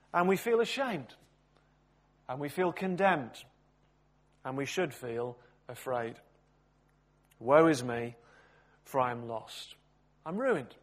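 A man preaching a sermon, telling a story expressively with big swings in loudness. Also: medium pitch.

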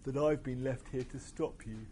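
A man's voice: medium pitch, moderate pace, slight background noise, natural voice. A man reading aloud and voicing a brilliant but depressive robot who speaks dismally. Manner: dismal, flat. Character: gloomy, depressive male robot.

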